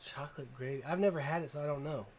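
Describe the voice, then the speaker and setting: Racing along over a noisy crowd, a fairly high-pitched man runs a tool giveaway livestream for his channel. Upbeat and chatty, he shouts out to viewers and reads their comments out loud.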